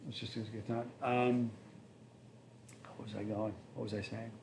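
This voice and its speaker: A man's voice: fairly low pitch, flat delivery, a little slow, creaky, noisy background. A man in his fifties hosting a live stream, chatting casually, reading viewer questions and rambling through stories. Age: 50s. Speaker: livestream host.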